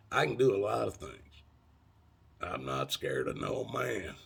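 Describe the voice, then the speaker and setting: A low, gravelly man with a husky edge, talking in a thick drawl. He spins long, rambling, folksy stories full of cussing and filler words, straight to his viewers. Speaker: vlogger. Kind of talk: casual storytelling.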